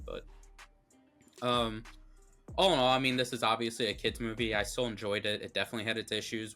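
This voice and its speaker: A man's voice: lowish voice, sharp tone. A man co-hosting a movie review show, chatting casually and giving blunt, opinionated takes full of fillers.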